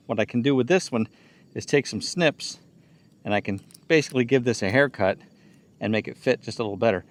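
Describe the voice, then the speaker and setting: A man's voice: mid-range voice, moderate pace. A man hosting his own home-repair video, explaining each step plainly and thinking aloud as he works. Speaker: DIY channel host. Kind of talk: casual how-to narration.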